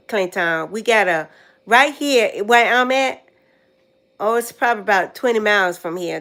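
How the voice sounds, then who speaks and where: An older American woman on a casual livestream, talking in a relaxed, chatty way. She goes over words again and again as she recalls them, with a voice of ordinary middle pitch. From United States. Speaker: vlogger.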